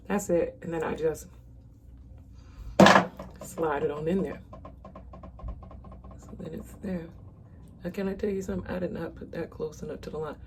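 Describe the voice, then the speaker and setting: A woman's voice: lowish voice, background noise. A woman in her thirties chatting casually to viewers while she walks through a makeup tutorial at home. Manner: chatty, talks straight to viewers as "y'all". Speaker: makeup vlogger.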